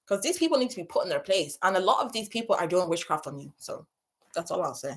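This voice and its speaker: A woman hosting a casual livestream as a spiritual coach, passionately chatting, repeating herself and giving viewers shout-outs. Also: on the low side, lively intonation, quick pace. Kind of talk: casual livestream chat reading out comments.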